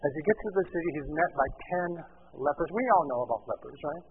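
A man's voice: a little high, expressive, fast, husky, narrow, tinny audio. A male preacher giving a sermon, reading scripture and explaining it, and raising his voice for emphasis.

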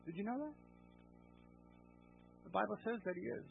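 Guy preaching a sermon, high voice, asks the crowd questions, sounds like a phone recording. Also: lively intonation, normal speed, creaky, phone-quality sound, soft background music. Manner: asks the congregation rhetorical questions, swings between quiet and loud. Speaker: pastor.

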